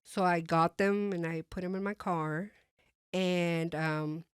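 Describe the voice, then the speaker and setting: A woman sharing her personal testimony as a guest, speaking hesitantly with many fillers and restarts and softly re-enacting her own thoughts. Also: on the low side, steady tone, slow pace, smooth, no room sound, studio quality.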